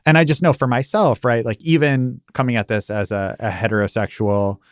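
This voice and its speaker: A man's voice: mid-range voice, steady tone, brisk, no room sound, studio quality. An American man hosting a podcast, chatty and self-deprecating, often restarting his sentences. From United States. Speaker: podcast host. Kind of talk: conversational podcast interview.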